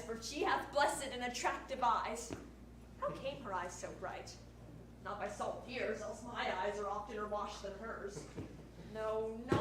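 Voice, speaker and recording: A woman's voice: sits high, noisy background, close to an everyday voice. A teenage girl playing a spurned young noblewoman on stage, pleading and plaintive. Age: teens. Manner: plaintive, pleading verse delivery. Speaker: stage actor. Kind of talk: stage Shakespeare acting. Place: school theater stage. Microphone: distant room mic. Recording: echoey stage from far off.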